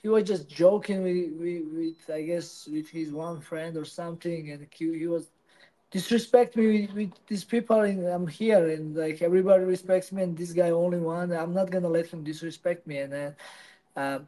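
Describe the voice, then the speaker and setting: Interviewee, man, English speaker, halting delivery, high and mellow. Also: steady tone, low-quality recording. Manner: halting, non-native English with many restarts. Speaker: interviewee, professional fighter. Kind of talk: casual interview answers.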